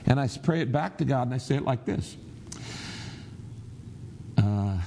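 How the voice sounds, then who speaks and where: A man's voice: medium pitch, animated, a little slow, vocal fry, dark tone, slight background noise. A middle-aged man preaching a sermon, teaching in an earnest, emphatic way with prayerful asides. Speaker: pastor.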